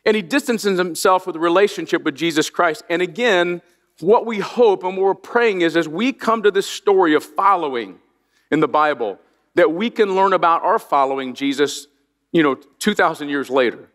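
A man's voice: high voice, moderate pace, a bit bright. A middle-aged man from Indiana, preaching a sermon with storytelling asides, self-deprecating humor and frequent restarts. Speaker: pastor. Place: large church auditorium. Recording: long reverb of a large church.

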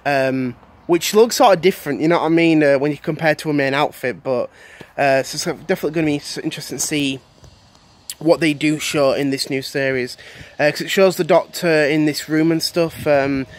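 Young male vlogger, a bit high-pitched, loose rambling delivery full of fillers. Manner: rambling, many fillers and repeated words. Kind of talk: casual video commentary.

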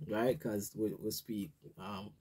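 A man's voice: on the low side, big pitch swings, slow pace, vocal fry, darkish tone, breathy edge. A man with a Jamaican accent leading a morning prayer and devotional talk, conversational and often asking "right?". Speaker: devotional leader.

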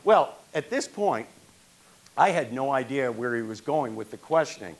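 A man's voice: mid-range voice, lively intonation, moderate pace. An older man from New York performing a one-man stage monologue, telling his own story and acting out the people in it.

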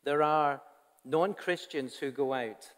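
Pitched on the high side and speaking slowly, a pastor talks to his congregation in a church hall. He is earnest and conversational, making asides to the listeners in front of him, and the recording has a long church reverb.

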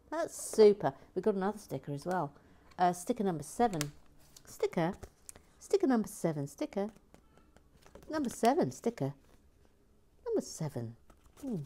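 A woman's voice: fairly low pitch, a little hiss or hum. A woman hosting a building stream in casual chat. She reads out viewer comments, repeats words to herself fondly, and often drops to a near whisper. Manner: soft-spoken, often drops to a murmur or whisper, then perks up. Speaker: host building a toy set on a live stream.

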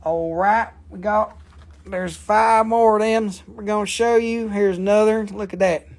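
A man hosting a live mineral sale, joking, swearing, and pitching his stones with enthusiasm. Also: steady tone, measured pace. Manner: joking, profane, enthusiastic salesman. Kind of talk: livestream sales chat.

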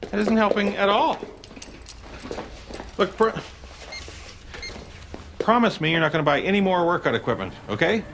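A man's voice: sits high, animated, moderate pace, pauses often, fairly bright tone, a little hiss or hum. A man in a sitcom, talking in an anxious, pleading way. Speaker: sitcom character. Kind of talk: sitcom acting.

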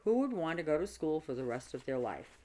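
Woman reading a kids book out loud, low voice, lots of ups and downs. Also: fairly quick. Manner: expressive, storytelling. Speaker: reader. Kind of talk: reading a children's book aloud.

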